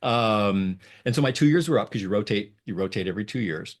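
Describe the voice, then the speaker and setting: A middle-aged man with a low voice speaks as an interview guest. He rambles, stacking "um"s and false starts, and his pitch jumps up when a point excites him. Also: fairly quick. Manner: rambling with many fillers and restarts, lively pitch jumps. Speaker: guest, lawyer and negotiator. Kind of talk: conversational interview.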